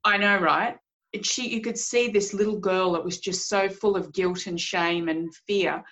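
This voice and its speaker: A woman's voice: mid-range voice, steady tone, moderate pace, fairly bright tone, low-quality recording. A woman in her forties hosting a casual podcast chat, speaking bluntly and emphatically as she tells a client story.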